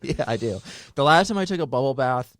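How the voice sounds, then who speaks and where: A man's voice: medium pitch, expressive, fairly quick, dry recording, studio quality. A man co-hosting a casual comedic podcast, rambling through stories and laughing often. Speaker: podcast co-host.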